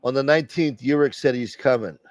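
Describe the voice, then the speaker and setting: A man's voice: medium pitch, fairly quick, dry recording, lo-fi sound. A man hosting a casual livestream, joking brashly with viewers and swearing freely. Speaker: livestream host.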